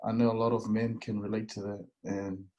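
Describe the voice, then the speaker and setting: A man's voice: lowish voice, little pitch movement, a little fast, dark tone, lo-fi sound. A man hosting a casual chat, encouraging his guest and laughing easily. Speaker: host.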